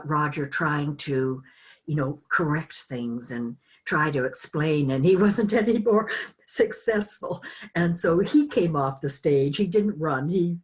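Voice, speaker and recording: An older woman teaching an online course, telling a personal story in a slow, halting, reflective way with many fillers. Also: low voice. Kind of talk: personal storytelling in a group call.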